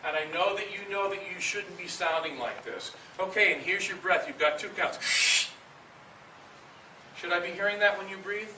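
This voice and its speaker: A man's voice: high-pitched, normal speed. Man coaching breathing drills in an echoey hall. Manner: calls counts loudly and firmly, explains between sets. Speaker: band director leading a breathing warm-up. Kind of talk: instructional coaching with counted exercises. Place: large rehearsal room with a band. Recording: echoey room, far from the mic, audible hiss.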